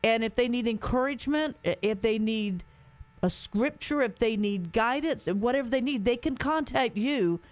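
Woman guest, earnest and fast-flowing, dry close sound. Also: a little high, animated, dry recording. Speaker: guest sharing a spiritual message. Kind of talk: Christian talk show conversation.

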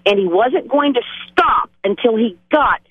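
A woman's voice: on the high side, animated, measured pace, breathy edge, dry recording. A woman co-hosting a faith talk show, speaking earnestly and with emphasis. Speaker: co-host. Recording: tinny phone line.

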